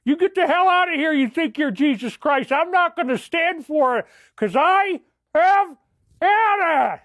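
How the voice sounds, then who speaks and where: A man voicing a furious middle-aged father who rants and yells at his son. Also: very high-pitched, expressive, a little slow, no echo, studio quality, voice pushed up, exaggerated voice. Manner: ranting, yelling, mock-religious outrage.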